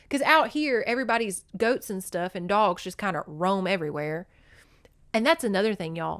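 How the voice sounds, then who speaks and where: Brief: young woman podcast host, mid-pitch, blunt and profane storyteller, dry close mic. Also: a bit bright, no echo. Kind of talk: casual storytelling chat.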